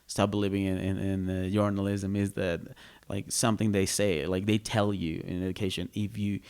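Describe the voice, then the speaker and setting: A man's voice: low-pitched, flat delivery, moderate pace, darkish tone, smooth. A man, a comedian guest on a podcast, talking casually and searching for his words with many restarts. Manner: laughs easily between points.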